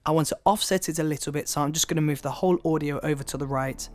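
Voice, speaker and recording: A man's voice: fairly high pitch, fairly even intonation, fast talker. Upbeat man explaining editing steps. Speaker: video tutorial host. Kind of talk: casual software tutorial. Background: background music.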